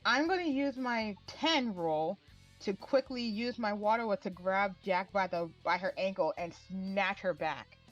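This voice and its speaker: A woman playing in a tabletop game, reacting quickly and declaring her character's moves with quips. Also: mid-range voice, highs cut off, soft background music. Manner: lively, reactive, quick to quip. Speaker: player.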